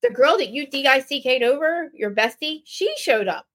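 A woman's voice: high-pitched, animated, moderate pace, a bit bright. A woman in her forties hosting a podcast, recapping a reality show in an exasperated, ranting way with lots of filler words. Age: 40s. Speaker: podcast host. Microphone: podcast mic, live streamed.

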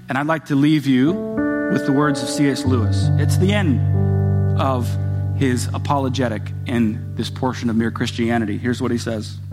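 A man preaching a sermon as a pastor, earnest and repetitive, building emphasis as he speaks. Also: mid-range voice. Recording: music playing behind the voice. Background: soft guitar music.

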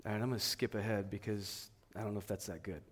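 A man preaching a sermon, swinging between emphatic, raised passages and quiet, hushed ones. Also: lowish voice, fairly even intonation, fast, husky. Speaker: pastor.

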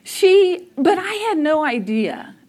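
A middle-aged woman, telling a family story to a church audience, animated and often laughing as she acts out what people said. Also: sits high, slow.

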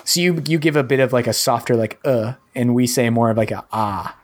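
A man's voice: medium pitch, brisk. A man hosting a podcast in casual chat, rambling with many fillers. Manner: rambling, heavy use of 'like' and 'um'. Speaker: podcast host.

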